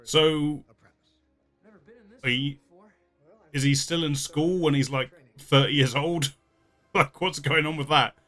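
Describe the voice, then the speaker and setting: A man's voice: a little high, steady tone, slow, long pauses, sharp tone, soft background music. A man hosting a casual movie reaction, chatty, with lots of fillers and frequent laughs. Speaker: YouTube reaction host.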